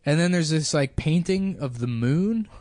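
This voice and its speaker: A man in his thirties, a podcast host, telling a rambling comic story in a casual, deadpan way, full of fillers. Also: on the high side, normal speed, no room sound.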